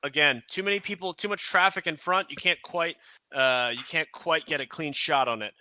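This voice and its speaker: A man's voice: on the high side, moderate pace, no echo. A man narrating as game master, telling the action vividly with lots of fillers and restarts. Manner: animated, vivid storytelling with many fillers and restarts.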